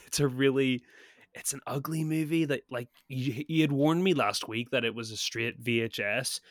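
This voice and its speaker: Here a man with a mid-range voice talks at a moderate pace in a dry, clean studio recording. Co-hosting a podcast while slightly sick, he gives a rambling, casual film review full of laughs and restarts.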